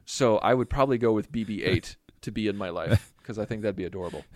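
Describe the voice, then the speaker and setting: A man with a lowish voice chats casually on a podcast, rambling from one thought to the next. He teases his partner and mocks himself, peppering his talk with "like". The recording is dry and close-miked. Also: fast talker, a little mellow, dry recording. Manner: rambling, teasing, self-mocking, lots of fillers like "like". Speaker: podcast co-host.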